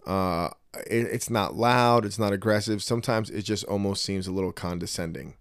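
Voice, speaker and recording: Middle-aged guy on a podcast, blunt and swearing, animated stories, kinda low voice, dry mic. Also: normal speed, smooth, dry recording. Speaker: podcast co-host. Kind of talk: casual podcast chat.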